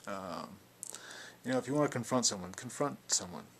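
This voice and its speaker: A young man speaks in a low, gravelly voice, his delivery rambling and full of filler words. He sounds defiant as he addresses critics directly, and a faint background hiss sits under the recording. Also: animated, normal speed. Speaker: video blogger. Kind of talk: casual spoken response video.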